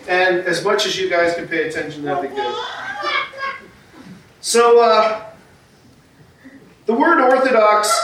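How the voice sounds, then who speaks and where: Heard from a distant mic in a church sanctuary, a male pastor with a high, somewhat bright voice preaches casually and self-deprecatingly, using lots of fillers. The room is very echoey, with a little hiss or hum.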